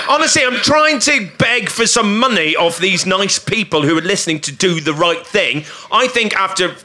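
A man on a comedy panel podcast, joking crudely and swearing with deadpan delivery. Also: sits high, moderate pace, hardly any pauses, heavy background noise. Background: live audience laughter.

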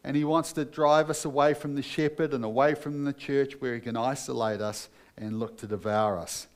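A man's voice: medium pitch, fairly even intonation, moderate pace. A man preaching a sermon as pastor, earnest and emphatic, putting questions to his listeners.

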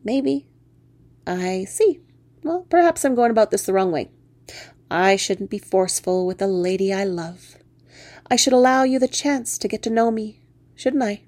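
A woman's voice: medium pitch, expressive, moderate pace, pauses often, a little mellow, dry recording, close to an everyday voice. A woman voicing a tiny, teasing male fairy who first appears as a frog, reading her story aloud. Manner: playful, teasing.

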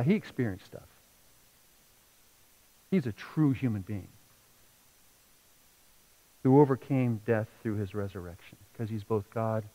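A middle-aged man preaching from the pulpit, his voice ranging widely as he tells a heartfelt story. He drops to near hushes and then rises with feeling. The recording sounds a little dull and lo-fi. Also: medium pitch. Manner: emotional storytelling, rising and falling between hushed and loud. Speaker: pastor. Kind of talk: sermon.

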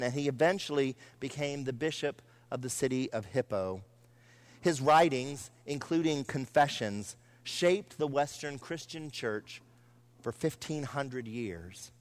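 A middle-aged man preaching a sermon to his church as one of its pastors, earnest, with shifting pace and emphasis. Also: fairly high pitch. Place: church sanctuary.

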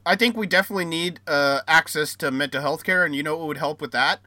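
An American man talking through an argument in a loose podcast chat, circling back with fillers and restarts. His voice sits a touch high and sounds bright and forward. The recording is close and dry, with no room sound. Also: quick pace, dry recording. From United States. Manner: rambling, repeats himself, hesitant fillers. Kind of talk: casual debate chat.

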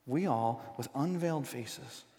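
Conversational pastor preaching in a reverberant hall. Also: male voice, mid-range voice, unhurried. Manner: conversational, swings from loud emphasis to hushed. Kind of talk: sermon. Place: church sanctuary.

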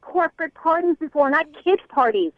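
A woman's voice: high voice, lively intonation, brisk, dry recording. A woman speaking on the phone, exasperated and insistent. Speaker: caller pranked on the phone. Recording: tinny phone line.

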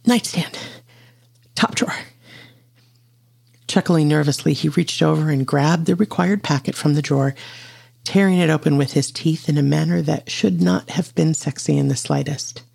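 A storyteller reading an intimate audio story aloud in a slow, steady way. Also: medium pitch, gravelly, no room sound. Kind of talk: scripted narration of an audio story.

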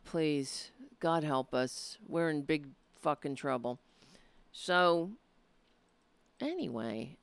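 A woman's voice: lowish voice, gravelly, no room sound. A woman hosting a commentary show, mocking and blunt, with profane asides. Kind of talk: sarcastic political commentary.

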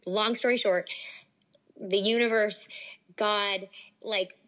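Excitable young woman telling a story. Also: mid-range voice, slow pace. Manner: animated, many "like" fillers, excitable. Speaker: podcast guest. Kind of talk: casual storytelling.

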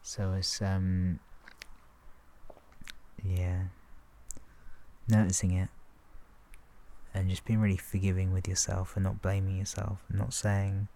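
A man talking in a relaxed, rambling way about self-awareness, laughing softly and acting out his inner thoughts. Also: deep voice, slow, gravelly, pauses often, slight background noise. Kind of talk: relaxed casual monologue.

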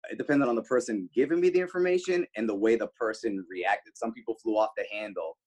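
A male radio host, the guest, telling animated stories casually, swearing freely. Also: quick pace, husky. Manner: animated, swears freely, jumps pitch for quoted lines. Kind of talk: casual storytelling.

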